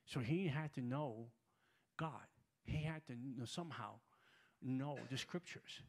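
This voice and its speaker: A man preaching a sermon as a guest at a church prayer gathering, telling a story with heavy repetition and building to loud shouts. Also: mid-range voice, a little slow.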